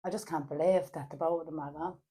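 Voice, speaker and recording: Hesitant Dublin woman, lowish voice. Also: fast talker, husky. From Ireland. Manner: hesitant, many fillers, animated when telling stories. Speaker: podcast guest. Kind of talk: casual chat.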